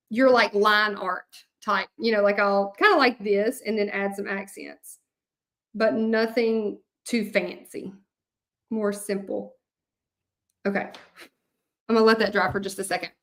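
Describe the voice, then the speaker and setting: A woman's voice: on the high side, a bit bright. A middle-aged woman from Louisiana with a Southern accent, chatting casually with viewers while crafting, rambling with many fillers. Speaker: hand-lettering artist. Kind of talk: casual craft livestream chat.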